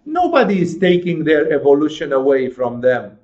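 A man preaching on a gospel passage, acting out dialogue in an animated storytelling manner. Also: fairly high pitch, normal speed. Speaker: spiritual teacher. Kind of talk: sermon. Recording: dull lo-fi recording.

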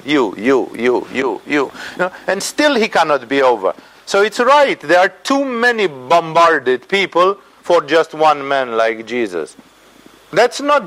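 A man giving an informal spiritual lecture as a teacher, animated and conversational, tagging his points with "no?" and "you know". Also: a little high, poor audio. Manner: animated, acts out quoted voices, tags "no?" and "you know".

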